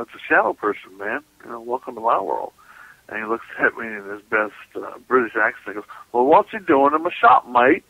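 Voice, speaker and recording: A man's voice: medium pitch, bright, forceful tone. A man, a paranormal investigator, telling stories as a guest in a casual radio interview. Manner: casual, laughing, folksy storyteller. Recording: muffled radio call audio.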